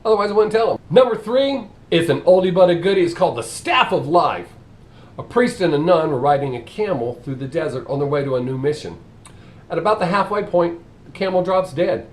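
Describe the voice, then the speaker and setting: Animated man telling crude jokes. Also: a little high, a little fast. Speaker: comedian. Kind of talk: casual joke telling.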